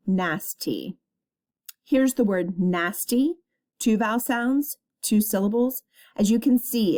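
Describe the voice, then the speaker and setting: A woman's voice: mid-range voice, a little mellow. Patient woman dictating a spelling test. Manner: patient, clear, dictating words slowly. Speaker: teacher.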